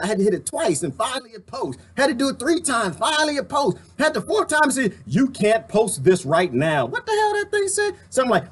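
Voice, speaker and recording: A man ranting casually to his viewers, laughing often and swinging between loud and quiet. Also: brisk, breathy edge. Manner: animated, laughing, ranting, swings high and low. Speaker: vlogger.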